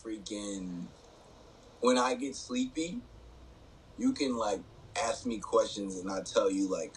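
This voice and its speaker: A man's voice: lowish voice, slow, a little hiss or hum, poor audio. A young man co-hosting a podcast in casual, playful chat. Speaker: podcast co-host.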